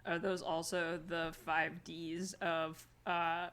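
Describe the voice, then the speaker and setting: A woman's voice: lowish voice, level tone, takes it slowly, a bit bright, a little hiss or hum. A woman co-hosting a casual podcast, chiming in with wry jokes. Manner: wry, joking interjections. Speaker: podcast co-host.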